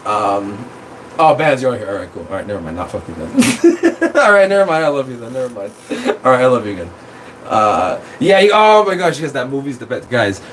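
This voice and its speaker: A man chats through a casual livestream, rambling and excitable, swearing freely as he jumps from thought to thought. His voice sits at a middle pitch, recorded on a phone with a faint air-conditioner hum behind him. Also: fairly quick, poor audio. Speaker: streamer.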